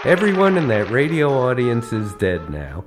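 A man's voice: medium pitch, wildly swooping pitch, normal speed, loud music behind the voice, over a noisy crowd. A man hosting a podcast, telling comic travel stories with a wry, punchline-driven delivery. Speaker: podcast host. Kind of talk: comedic travel storytelling.

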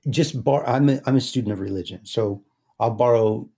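A man speaking as an interview guest in a slow, meditative way, often trailing into soft, quiet chanting. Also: mid-range voice, breathy edge. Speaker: guest, speaker and success coach. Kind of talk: casual interview talk.

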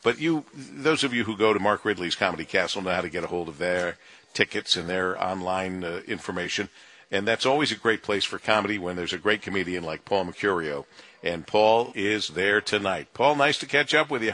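A male radio talk show host interviewing a guest in an upbeat, chatty way with filler pauses. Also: low voice, sharp tone.

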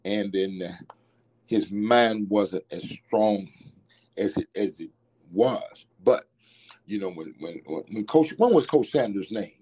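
A middle-aged man with a low, mellow and slightly husky voice. He reminisces about his late father in an interview, halting and restarting his sentences as he speaks fondly. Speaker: interviewee, son of the former coach. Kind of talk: reflective interview recollection.

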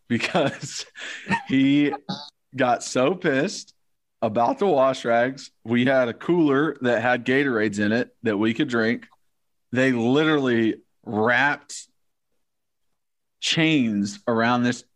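A man in his thirties, a former college football player, telling stories in an animated, profane way in casual chat. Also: medium pitch.

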